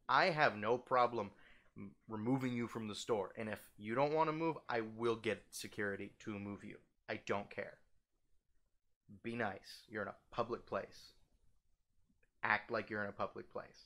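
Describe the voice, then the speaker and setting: A young man ranting casually, animated and profane, his voice jumping up when heated. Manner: animated, swearing, heated, with sudden pitch jumps. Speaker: vlogger ranting.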